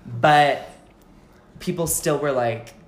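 Animated gossiping man, echoey room. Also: slow pace. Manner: animated storyteller, acts out quotes with big pitch jumps. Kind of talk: casual chat. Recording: roomy echo.

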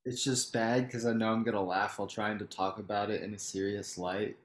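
Rambling young man, low voice. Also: level tone, fairly quick. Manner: rambling, laughs while talking, frequent fillers. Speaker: podcast co-host. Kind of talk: casual chat.

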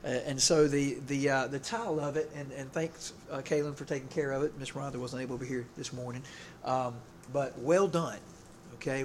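A middle-aged man, preaching a casual sermon in a rambling, halting way, full of fillers and restarts. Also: medium pitch, a little hiss or hum. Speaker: pastor.

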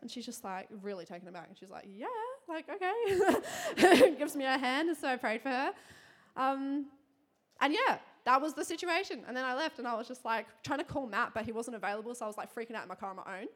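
A young woman giving a sermon to a congregation, telling a personal story in a chatty, quick way with lots of fillers and frequent laughter. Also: a little high, fairly bright tone. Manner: chatty, fast, laughing often, many fillers. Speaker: church speaker.

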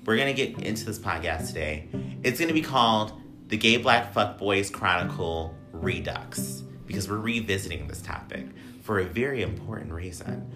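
A man with a very deep voice hosts a casual podcast. He talks in a chatty, playful way and swears freely. Music plays clearly underneath. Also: expressive, moderate pace. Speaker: podcast host.

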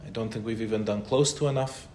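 Rabbi in a roomy, echoey hall. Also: male voice, lowish voice, fairly even intonation, fast talker, a little mellow. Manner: conversational, with Hebrew and Yiddish terms. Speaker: rabbi answering questions. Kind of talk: informal Torah class. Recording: roomy echo with faint noise.

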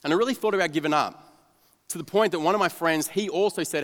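A young man, a youth pastor, telling a story of his own to an audience in a self-mocking, animated way, dropping to a flat mumble for his cynical asides. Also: fairly high pitch, fast talker. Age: young adult. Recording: long reverb of a large hall.

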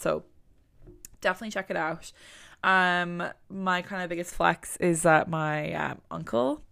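A woman's voice: on the low side, vocal fry, fairly bright tone. A young woman hosting a podcast, chatting casually and rambling with lots of fillers. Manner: chatty and rambling, many fillers, laughs at herself. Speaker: podcast host.

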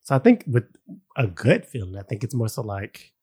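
A man's voice: mid-range voice, big pitch swings, normal speed, a little mellow, slightly rough. A man co-hosting a podcast, giggly and teasing in casual chat. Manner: giggly, teasing, laughs between words. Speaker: podcast co-host.

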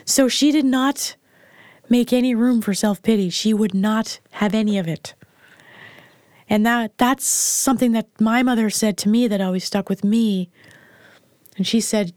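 Middle-aged woman, frank, blunt, plain-spoken, fairly high voice, dry close sound. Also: a little slow, a little mellow, no room sound. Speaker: interview guest, mother of the host. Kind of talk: candid personal storytelling.

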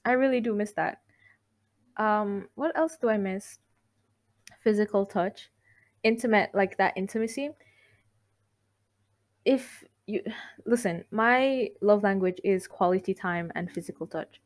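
A woman's voice: mid-range voice, a little slow, long pauses. Rambling, giggly young woman confiding. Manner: rambling, self-interrupting, giggly; heartfelt and candid. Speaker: podcast host. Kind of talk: casual confessional monologue.

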